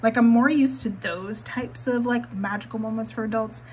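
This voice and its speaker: A woman's voice: fairly high pitch, fairly even intonation, moderate pace, a little mellow, a little hiss or hum, poor audio. A woman vlogger chatting candidly while she decorates her planner, swearing casually and laughing often.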